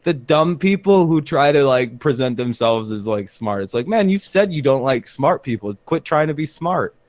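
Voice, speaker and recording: A man in casual banter on a podcast, opinionated and rambling, with halting restarts. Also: medium pitch, lively intonation.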